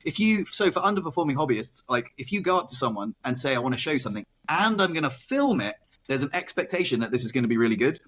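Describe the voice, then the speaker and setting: A man hosting a relaxed chat about magic, talking fast in a bright, forceful voice. He is chatty and playful and slips into quick impressions of other people. His pitch is average for a man. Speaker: host. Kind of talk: casual conversation.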